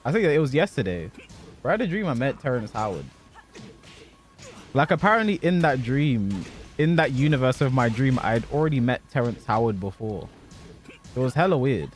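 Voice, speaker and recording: A man's voice: mid-range voice, sing-song, brisk, soft background music. A young man, a streamer and fighting game competitor, chatting casually and profanely while he plays. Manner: loose, profane storytelling.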